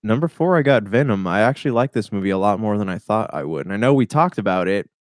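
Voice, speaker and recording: A laid-back man co-hosting a casual movie talk, hesitant and filling his speech with "uh" and "man". His voice is fairly low. The recording is dry and close, with no echo. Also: expressive, fast. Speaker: movie podcast co-host. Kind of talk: casual movie review chat.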